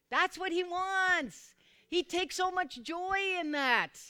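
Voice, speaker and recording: A woman with a medium-pitched voice preaches to a small group, repeating phrases and calling for responses from listeners, occasionally breaking into loud, fervent exclamations.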